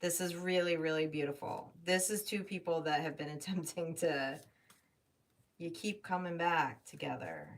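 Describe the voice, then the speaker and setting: A woman's voice: low voice, expressive, moderate pace. A woman giving a live tarot reading, thinking aloud and emotional, swearing casually. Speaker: tarot reader. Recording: distant mic with faint noise.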